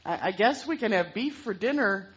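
A woman doing a halting, easygoing farm dad. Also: medium pitch, animated, breathy edge, muffled recording. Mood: hesitant. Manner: halting, with stumbles. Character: hesitant, easygoing farm father.

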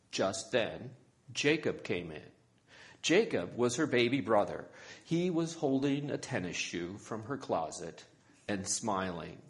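A man reading a children's story aloud in an expressive storytelling manner. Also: on the low side, slow pace.

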